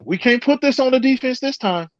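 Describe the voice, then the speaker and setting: A man calling in to a casual sports talk show, heated and profane, with quick apologetic asides. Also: very high voice, animated, dry recording, muffled recording.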